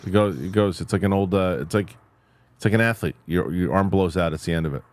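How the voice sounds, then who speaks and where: A man's voice: deep voice, quick pace, darkish tone. A man hosting a casual livestream chat, reading out viewer questions and joking with his co-hosts. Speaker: host.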